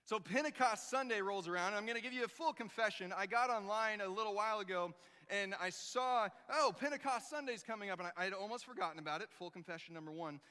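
Guy pastor giving a sermon, high bright voice, big echoey church hall. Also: fast, smooth. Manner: animated storyteller, acting out quotes with loud emphasis.

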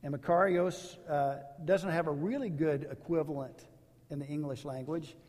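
A man's voice: fairly high pitch, moderate pace, a little mellow, long reverb tail. A man preaching a sermon as a pastor, in a casual, storytelling way with rhetorical asides.

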